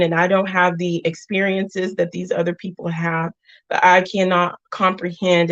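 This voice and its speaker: A woman's voice: fairly low pitch, no room sound. A woman in her thirties hosting a heartfelt live chat with viewers. She talks earnestly, drifts off topic and back, and comes close to tears. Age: 30s. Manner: emotional, warm, close to tears. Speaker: live-stream host. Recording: dull, dry, lo-fi sound.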